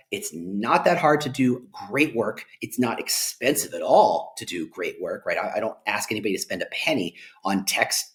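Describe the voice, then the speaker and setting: A middle-aged man, a guest on an interview, talking in an animated, joking way and often tagging lines with "right?". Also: medium pitch. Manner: animated, jokey, emphatic with rhetorical "right?". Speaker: guest, employer branding expert. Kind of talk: conversational interview.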